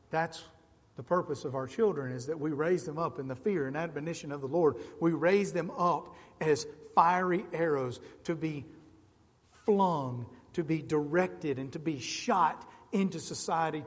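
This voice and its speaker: A middle-aged male pastor preaching with passion, easing down into quiet, measured stretches and then swelling into loud, emphatic appeals. His voice sits a touch high for a man. It carries a long reverb through a large church sanctuary. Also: slightly rough. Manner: impassioned, building from quiet to loud emphatic calls. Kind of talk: sermon.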